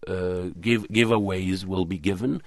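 A man's voice: low voice, fairly even intonation, a little slow, no echo, studio quality. A man being interviewed as a documentary producer, answering in an earnest, thoughtful way and often searching for his words. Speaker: documentary film producer and cinematographer.

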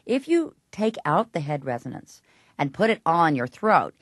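In a studio-quality recording with no room sound, a woman who teaches voice discusses technique at a moderate pace, her low voice sing-song. She mixes spoken and short sung demonstrations into the interview.

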